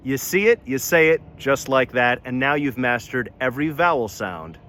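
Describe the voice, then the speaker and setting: A man's voice: mid-range voice, expressive, moderate pace, fairly bright tone, a little hiss or hum. A man giving a short scripted language lesson, upbeat and emphatic, correcting common mistakes firmly. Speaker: language teacher.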